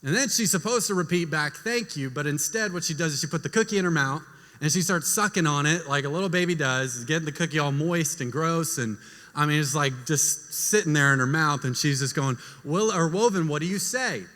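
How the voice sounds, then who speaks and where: A young man telling a lively story to a young adult group, acting out family members' voices along the way. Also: a little high, fairly quick. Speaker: youth speaker. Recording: long hall reverb.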